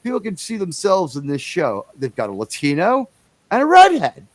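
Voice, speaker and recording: A man's voice: high-pitched, huge pitch swings, moderate pace, no echo. A man hosting a casual livestream, rambling and chatty, with enthusiastic, profane asides. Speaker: livestream host.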